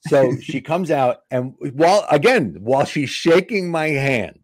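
A man's voice: a little high, unhurried, no room sound, clean studio sound. A man, a stand-up comedian, telling road stories in a casual chat and acting out the people he met. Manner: animated anecdotes, acting out quoted women.

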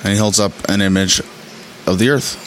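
A man hosting his podcast, talking casually and excitedly about an episode, rambling with frequent laughs while saying he is tired. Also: fairly low pitch, fairly quick, slight background noise, rough recording. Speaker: podcast host. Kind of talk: casual episode reaction commentary.

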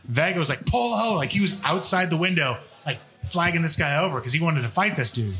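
A man who wrestles for a living spins loose, swear-filled road stories in a relaxed, offhand way. His voice sits a little high for a man. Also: fast, soft background music. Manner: profane, rambling, laid-back storyteller. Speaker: guest, professional wrestler. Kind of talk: casual podcast storytelling.

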